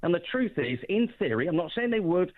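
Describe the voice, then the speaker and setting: A man's voice: sits high, big pitch swings, fairly quick. A man calling in to a radio phone-in, arguing his point insistently and restarting his sentences. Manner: insistent, repeats himself, restarts. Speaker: phone-in caller. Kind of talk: phone-in argument. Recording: tinny phone line.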